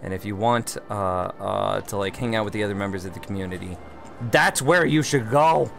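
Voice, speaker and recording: A man streaming a city-building game who reads chat aloud and answers with dry, teasing replies. He is one beer in and a little loose. Soft game music plays faintly under his voice. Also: on the low side, moderate pace, creaky. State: one beer in, slightly tipsy. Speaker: livestream gamer host. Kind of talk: casual livestream chat.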